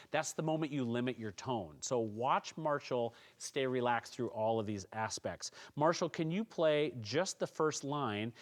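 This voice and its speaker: Guy teaching snare drums, calm and encouraging, explains everything step by step, normal mid voice. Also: mid-range voice. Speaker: music teacher. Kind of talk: instructional tutorial.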